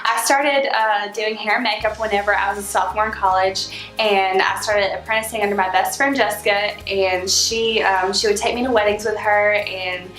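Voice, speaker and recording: A woman's voice: mid-range voice, fairly even intonation, moderate pace, fairly bright tone, echoey room, soft background music, rough recording. A woman in her late twenties from Alabama with a Southern accent, chatting casually and cheerfully to camera in a vlog. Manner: chatty, upbeat, laughs often. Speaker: beauty vlogger.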